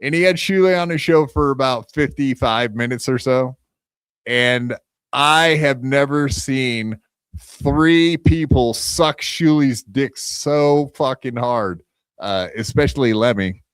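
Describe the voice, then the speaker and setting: A man's voice: medium pitch, slow, smooth, no echo, clean studio sound. A man hosting a podcast in a loose, profane, rambling way, full of fillers and restarts. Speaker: podcast host. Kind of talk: casual podcast chat.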